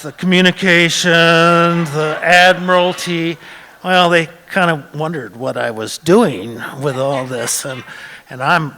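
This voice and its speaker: A man in his sixties telling a story to a live audience in a loose, conversational way, stumbling through "uh" and repeated words. His medium-pitched voice carries a long, lingering hall reverb. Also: vocal fry, fairly bright tone, slight background noise. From Montana, US.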